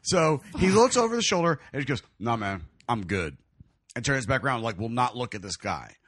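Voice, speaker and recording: Young man, husky, bright-toned, animated storyteller, laughing, dry close sound. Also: medium pitch, fast talker, no room sound. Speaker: podcast co-host telling a story. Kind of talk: casual banter with friends.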